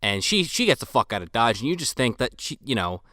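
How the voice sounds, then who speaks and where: A man's voice: medium pitch, very animated, a little fast, pushed and bright, dry recording. A man co-hosting a podcast, blunt and sarcastic, swearing while discussing a film. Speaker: podcast co-host. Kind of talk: casual movie review chat.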